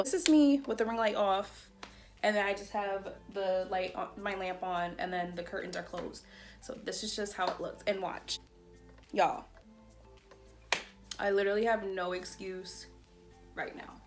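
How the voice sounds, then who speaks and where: A woman talks excitedly to her viewers from her bedroom, filling her sentences with "like" and "y'all" as she walks through a setup. Her voice sits at a mid pitch for a woman, and the camera picks it up on a tripod. Soft music plays faintly underneath. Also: measured pace. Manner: chatty, excitable, says "like" and "y'all" a lot. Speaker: beauty vlogger. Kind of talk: casual unboxing vlog. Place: bedroom at home. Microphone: phone or camera on a tripod.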